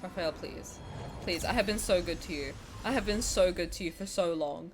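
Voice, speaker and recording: A woman streaming a game, talking casually with her chat, swinging from loud squeals to quiet mutters. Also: fairly low pitch, normal speed, over music.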